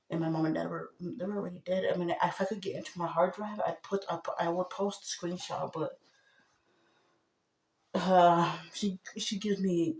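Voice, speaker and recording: Agitated woman rambling in a roomy echo. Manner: agitated, swings between low murmur and loud outbursts. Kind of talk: rambling personal monologue to camera.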